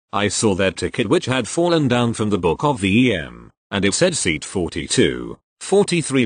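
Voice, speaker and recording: A man reading online posts aloud as narrator, in an expressive storytelling manner. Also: on the low side, breathy edge, no echo.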